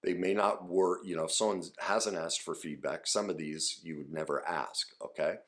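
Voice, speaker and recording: A man's voice: low voice, steady tone, normal speed, fairly bright tone. A middle-aged man teaching listening skills to camera in an earnest, conversational way, sometimes acting out sample dialogue.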